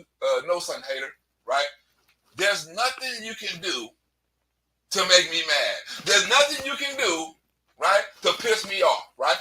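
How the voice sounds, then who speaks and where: A man with a very high, piercing voice delivers a heated, unscripted rant to his channel's viewers. He often shouts, swears freely and keeps firing a tag question at the listener. He sits some distance back from the mic. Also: slight background noise. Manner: profane and blunt. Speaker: comedian and YouTuber. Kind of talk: preachy unscripted rant to camera.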